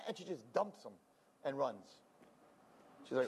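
A man's voice: mid-range voice, sing-song, measured pace, long pauses, breathy edge. A man telling a story animatedly, sprinkled with Yiddish words. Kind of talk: told story.

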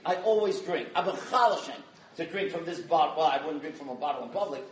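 A man giving an inspirational sermon as a dramatic storyteller, dropping to hushed tones and rising to loud emphasis. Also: on the high side, slight background noise. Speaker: guest speaker. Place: community event hall. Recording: echoey hall from far off, faint ambience.

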